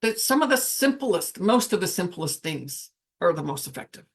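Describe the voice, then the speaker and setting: A woman casually teaching, speaking reflectively and guiding the listener through slow breathing, often trailing off mid-sentence. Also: on the low side, sing-song, husky. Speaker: spiritual coach.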